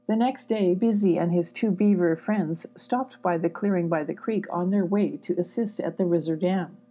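A woman narrating a children's storybook in a gentle, even storytelling manner. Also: on the low side, moderate pace, few pauses. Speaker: storybook reader.

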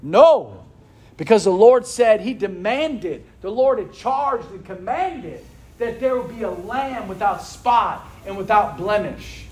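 A man with a notably high voice preaching a sermon in a room full of people. He takes his time, drawing the words out slowly. He keeps asking the listeners questions that expect an answer back. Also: animated, a little mellow. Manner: preaching with rhetorical questions to a responding congregation. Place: room with a congregation.

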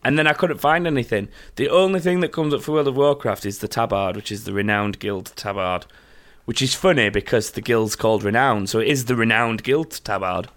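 A man's voice: mid-range voice, brisk, a bit bright. A man, a podcast host chatting casually and telling stories. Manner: chatty, laughing, storytelling. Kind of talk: casual chat.

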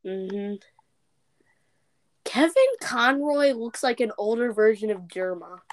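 A young woman co-hosting a casual podcast chat, excitable and jumping quickly from topic to topic. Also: a little high, a little hiss or hum. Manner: excitable, jumps between topics. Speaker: podcast co-host.

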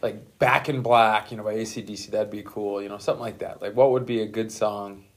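Low-pitched male teacher, casual interviewer, relaxed and encouraging, filler words. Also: a little fast. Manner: relaxed, encouraging, many fillers like "you know" and "right". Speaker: teacher and podcast host.

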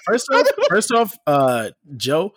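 A man's voice: fairly high pitch, very animated, takes it slowly, no room sound. A man in a casual podcast chat, insistent and defensive.

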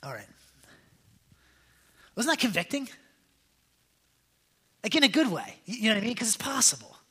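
A young man preaching with a husky, slightly high voice that has a bright, sharp edge. He talks casually to his listeners, full of fillers and restarts as he tells his stories. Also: normal speed. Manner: animated, conversational, many fillers and restarts. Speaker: pastor. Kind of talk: casual sermon storytelling.

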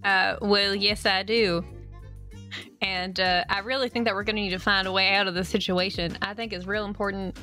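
A woman's voice: medium pitch, steady tone, moderate pace, bright, forceful tone, faint music behind, natural voice. Woman putting on a folksy Southern gal. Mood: earnest. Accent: American Southern.

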